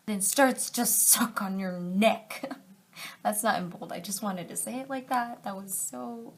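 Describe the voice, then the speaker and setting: Reading fanfiction out loud as comedy, this young woman interrupts herself with sarcastic remarks, swings from whispering to sudden loud outbursts, and speaks slowly in a mid-range voice.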